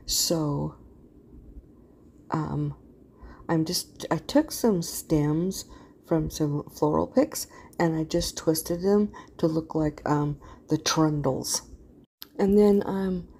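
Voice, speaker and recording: A middle-aged woman with a low, gravelly voice narrates a craft tutorial at an unhurried pace. She rambles, trails off and searches for words as she works. A faint hum of room noise sits under her voice. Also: mellow. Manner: rambling, loses words, yawns while talking. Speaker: craft channel host. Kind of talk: casual craft tutorial voice-over.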